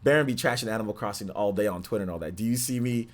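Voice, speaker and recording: A man with a deep voice, hosting a gaming livestream in a laid-back, slangy, rambling way. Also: racing. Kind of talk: casual livestream chat.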